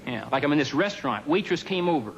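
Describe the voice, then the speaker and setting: A man doing a stand-up comedy routine on a television studio stage, with a dry, deadpan observational delivery and offhand asides. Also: on the high side, quick pace, lo-fi sound, a little hiss or hum.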